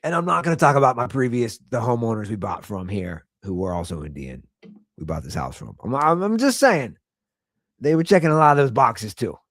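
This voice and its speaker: A man's voice: mid-range voice, animated, a little fast, fairly bright tone, no room sound, studio quality. A man hosting his own talk show, ranting in a casual way and firing off rhetorical questions. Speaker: podcast host.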